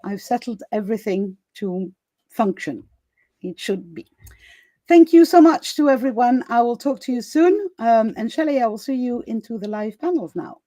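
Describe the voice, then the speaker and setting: This woman, hosting a live summit chat over a video call, has a fairly high, dark-toned, animated voice at a normal speed, captured on a dry recording. She's chatty and laughs a lot, with frequent fillers and restarts.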